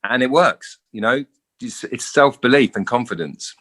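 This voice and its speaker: A middle-aged English actor, a guest in a casual interview, telling stories animatedly and acting out quoted voices. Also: male voice, medium pitch, lively intonation, moderate pace, fairly bright tone. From England.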